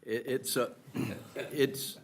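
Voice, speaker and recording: A man questions a lawyer from the bench as a justice. He starts and restarts his thoughts, searching for the words, at a middle pitch. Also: fairly even intonation, breathy edge. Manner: halting, searching, many restarts. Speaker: appellate justice.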